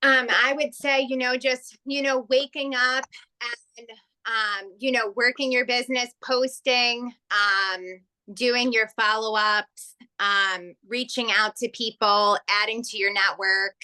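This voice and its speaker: Bright-voiced woman sharing on a call. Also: a little high, fairly even intonation, smooth. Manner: halting, many fillers and restarts. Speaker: team member on a video call. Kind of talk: casual testimonial. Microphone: video call.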